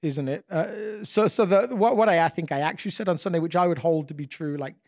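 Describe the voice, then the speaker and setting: A man's voice: fairly high pitch, quick pace, a little mellow, no echo, clean studio sound. A man co-hosting a podcast in casual conversation, thoughtful and often repeating words as he starts his sentences.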